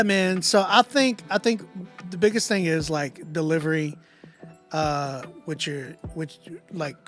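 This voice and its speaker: Host type: male music reviewer, high voice, loose slangy delivery, faint music behind. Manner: animated, conversational, drops in slang and filler. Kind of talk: casual song critique, talking to viewers.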